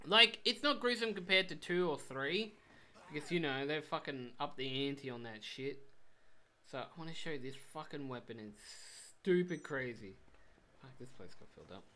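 A young man giving rambling, swear-heavy commentary on a game, with sudden loud outbursts. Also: a little high, animated, moderate pace, a little hiss or hum. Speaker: gameplay commentator. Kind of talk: casual let's play commentary.

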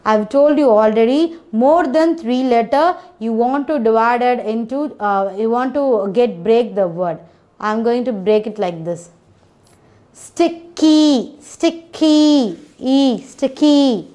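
A woman's voice: fairly high pitch, unhurried, mellow. A woman teaching a children's phonics lesson, spelling out letters one by one, repeating each word and checking in with "okay".

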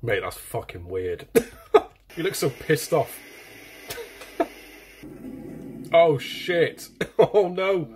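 A man's voice: on the high side, big pitch swings, extremely slow, pauses often. A man giving gameplay commentary who swears constantly, laughs a lot and mocks what he sees. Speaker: gaming video host.

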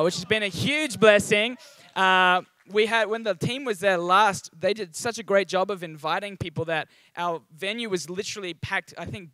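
A man's voice: high voice, bright, forceful tone, clean tone, no room sound. A young Australian man giving a chatty, upbeat sermon at a church service. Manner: chatty and upbeat, with frequent ums and asides. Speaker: guest preacher.

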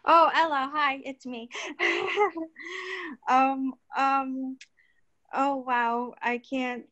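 A woman joining a video call as a participant, gushing and tearful, with sighs and pauses. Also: high-pitched, flat delivery, a bit bright. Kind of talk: emotional sharing on a video call. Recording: muffled lo-fi call audio.

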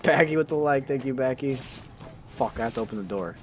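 A man's voice: medium pitch, fairly quick, heavy background noise. A man streaming a multiplayer game, chatting casually with teammates and his viewers, cursing and joking as he plays. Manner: swearing, joking, barking at teammates. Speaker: gaming streamer. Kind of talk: casual live-stream gameplay chat.

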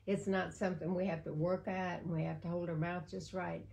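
A woman's voice: fairly low pitch, flat delivery, fairly quick, vocal fry, darkish tone, slight background noise, poor audio. An older woman pastor preaching fervently in a casual talk, repeating phrases for emphasis. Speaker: pastor and co-host.

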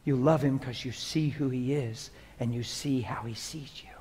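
A middle-aged man preaching a sermon to a live congregation, moving from hushed prayerful murmurs to loud, animated, laughing storytelling. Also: mid-range voice, normal speed, a little hiss or hum. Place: church hall before a live congregation.

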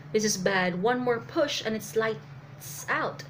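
A woman reading aloud the lines of a grim old samurai man in a low, grim delivery. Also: takes it slowly, a little hiss or hum, low-quality recording.

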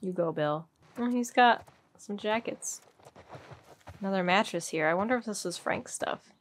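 A woman's voice: medium pitch, normal speed, a little hiss or hum. A woman giving casual let's-play commentary, chatty and giggly, thinking aloud as she plays. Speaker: gaming streamer.

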